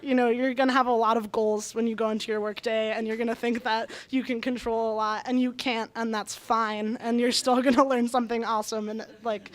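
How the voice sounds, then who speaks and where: A young woman with a high, bright-pitched voice tells a personal story live in a small bar. She is chatty and animated, laughing often as she goes. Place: small bar venue, indoors.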